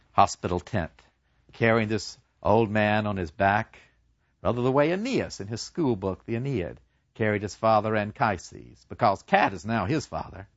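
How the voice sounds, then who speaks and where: A male lecturer retelling a story in an animated way, acting out the people in it. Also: on the low side, no room sound. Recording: dull lo-fi dry recording.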